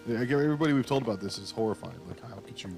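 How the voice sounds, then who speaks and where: A man's voice: medium pitch, lively intonation, rapid-fire, music in the background. A man co-hosting a casual gaming podcast, laid-back and jokey, laughing often. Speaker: podcast co-host.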